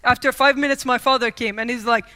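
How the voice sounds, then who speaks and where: A woman's voice: a little high, fast talker. A young woman from the Middle East giving a humorous storytelling keynote speech, acting out scenes as she goes. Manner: lively, acts out scenes and quotes. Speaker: keynote speaker. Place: conference stage.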